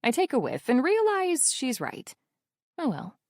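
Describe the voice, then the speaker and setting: A woman's voice: sits high, huge pitch swings, measured pace, dry recording, clean studio sound. A woman narrating a romance audiobook in the first person, wry and intimate in her telling.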